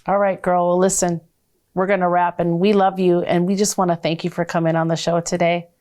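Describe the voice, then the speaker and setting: A woman's voice: on the low side, flat delivery, brisk, darkish tone. A woman hosting a faith-based talk show, effusive and affectionate with her guest, full of exclamations.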